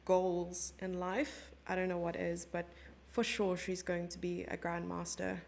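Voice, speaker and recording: A woman's voice: fairly low pitch, completely flat delivery, measured pace, gravelly, a little mellow, a little hiss or hum. A young South African woman commentating a chess stream live and chatting with her viewers in a giggly, casual way. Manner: chatty, giggly, reads chat messages aloud.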